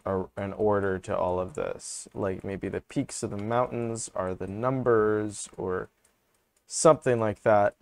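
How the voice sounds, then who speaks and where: A man's voice: fairly low pitch, gravelly, dry recording. A man streaming a puzzle game, thinking aloud, muttering and counting under his breath and often trailing off. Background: game music.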